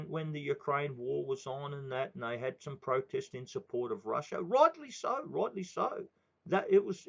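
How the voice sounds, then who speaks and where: A man in his sixties with an Australian accent, ranting in a heated, swearing monologue. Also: a little high. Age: 60s. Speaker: political commentator. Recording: dull lo-fi recording.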